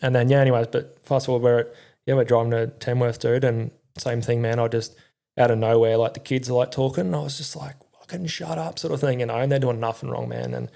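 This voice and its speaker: A man's voice: mid-range voice, level tone, fast, vocal fry, dark tone. A middle-aged Australian man telling his story in a candid, rambling way, swearing often and using slang. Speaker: podcast guest, former army crew commander.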